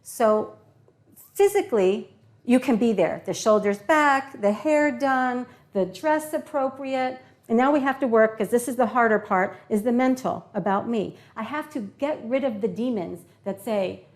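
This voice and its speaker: Animated woman teaching public speaking. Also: fairly high pitch, measured pace. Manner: animated, demonstrates tones and acts out examples. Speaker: English teacher. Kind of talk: classroom lesson on public speaking.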